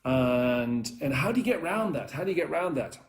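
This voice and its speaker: Casting note: male dating coach, fairly high voice, blunt and rambling live-stream delivery, echoey room. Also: lively intonation, a little fast. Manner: rambling, blunt, swears freely, addresses live viewers.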